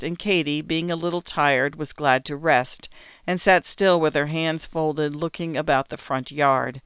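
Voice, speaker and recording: A man narrating an old-fashioned storybook in a gentle, even, unhurried reading voice. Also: on the high side, clean tone, dry recording, clean studio sound. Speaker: audiobook narrator.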